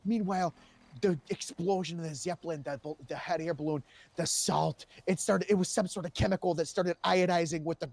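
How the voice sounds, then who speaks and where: A man speaking in character as a police officer, telling a long story in an animated way and raising his voice when he quotes people. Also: high voice, no echo. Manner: animated, raises voice when quoting others. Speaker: role-play player as police officer. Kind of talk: in-character role-play storytelling.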